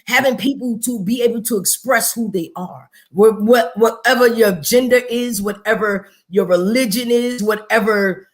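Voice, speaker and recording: Woman hosting a livestream, lively and emphatic, laughs a lot. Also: fairly high pitch, normal speed, hardly any pauses. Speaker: host and interviewer. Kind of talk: casual livestream chat.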